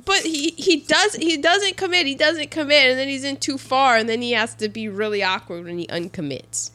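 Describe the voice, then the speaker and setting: A woman's voice: high voice, moderate pace. A woman in casual chat, retelling a film scene by scene, acting out the characters' lines with lots of restarts. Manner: animated, acts out lines with restarts.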